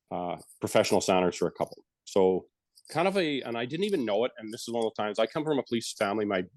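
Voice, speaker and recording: A middle-aged man leads a calm breathing exercise, then tells his story frankly and casually, sometimes swearing. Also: lowish voice, no room sound. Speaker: retired police officer and yoga teacher, guest speaker. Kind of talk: guided breathing, then candid personal story.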